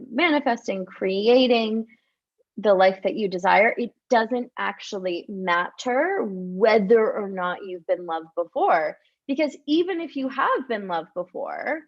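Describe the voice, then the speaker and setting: Slow-talking woman coach, lo-fi stream sound. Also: mid-range voice. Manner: soft, encouraging, with gasps and drawn-out sighs; repeats words for emphasis. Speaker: love and manifestation coach. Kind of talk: live-streamed guided visualization. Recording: dull lo-fi stream audio.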